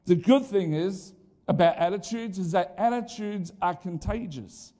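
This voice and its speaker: A middle-aged male pastor preaching a sermon in a lively, conversational way, with asides to the congregation. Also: sits high, a little slow.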